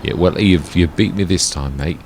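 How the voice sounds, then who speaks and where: A man's voice: low voice, normal speed, darkish tone, a little hiss or hum. A man giving rambling, chatty gameplay commentary as a let's play host, often correcting himself.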